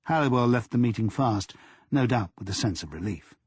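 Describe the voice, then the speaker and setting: Male narrator, crime audiobook, husky, lively intonation, dry close mic. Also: mid-range voice, brisk, no echo.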